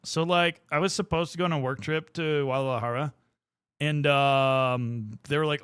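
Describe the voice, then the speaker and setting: A man's voice: medium pitch, fairly even intonation, moderate pace, fairly bright tone, smooth, no room sound. A young man chatting casually on a livestream while painting miniatures, rambling and swearing freely as he talks to his viewers. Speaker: streamer.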